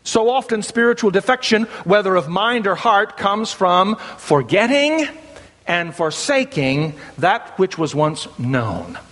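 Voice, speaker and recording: A man's voice: sits high, animated, a little slow, a bit bright, long reverb tail. A middle-aged man from the American South with a Southern accent, preaching an earnest sermon in a church. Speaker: pastor. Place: church sanctuary.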